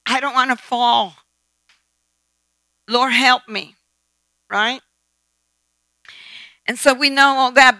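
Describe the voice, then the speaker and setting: A woman's voice: on the high side, gravelly, bright, forceful tone, no echo, rough recording. A woman preaching a sermon, emphatic and asking the audience questions. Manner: emphatic, calls for amen and asks the audience questions.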